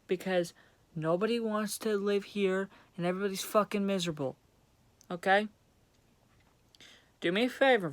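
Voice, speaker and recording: Young male vlogger, angry blunt rant, clean smooth tone, heavy swearing. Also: fairly high pitch. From Vermont, USA. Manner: profane, blunt, sarcastic. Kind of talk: angry ranting monologue.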